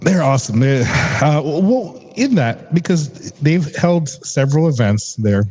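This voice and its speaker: A man's voice: on the high side, sing-song, measured pace, a little mellow, slightly rough, poor audio. A young man hosting a casual interview, chatty and rambling, laughing often. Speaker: podcast host.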